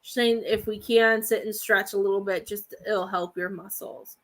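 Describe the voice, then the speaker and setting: A woman's voice: mid-range voice, steady tone, normal speed. A woman in her thirties giving a rambling, hesitant psychic reading to viewers on a live stream, full of fillers and restarts. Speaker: psychic medium.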